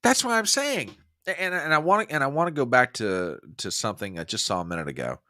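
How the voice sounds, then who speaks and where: A man hosting a political talk show, delivering opinionated commentary with a lively, swinging pitch. His voice is forceful and pressed, and he talks emphatically, often restarting sentences. The recording is dry and close, with no room sound. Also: brisk, no room sound. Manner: emphatic and animated, with frequent restarts. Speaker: host of a conservative political podcast.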